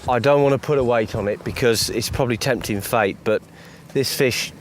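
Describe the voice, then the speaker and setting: Matey angler presenting outdoors. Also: male voice, mid-range voice, a little fast, a little hiss or hum. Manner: matey, encouraging, calls everyone mate. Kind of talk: casual chat and presenting to camera. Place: outdoors by water.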